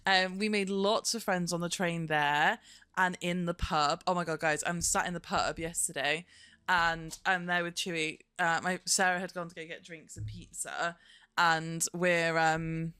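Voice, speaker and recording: A woman's voice: on the low side, steady tone, measured pace, pushed and bright, clean tone, no echo. A young woman, chatting casually in a home vlog and talking to her dog. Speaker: vlogger.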